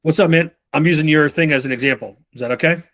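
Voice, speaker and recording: A man giving a casual sales training talk, swearing freely and acting out pitches and customer replies. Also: fairly bright tone, no echo. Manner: loose, profane, acts out sales calls in quick role-play.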